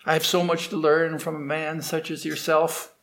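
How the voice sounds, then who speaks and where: A man voicing a humble, apologetic ferryman who speaks softly and hesitantly. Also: a little high, flat delivery, moderate pace. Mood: meek. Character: humble poor male ferryman, meek and apologetic.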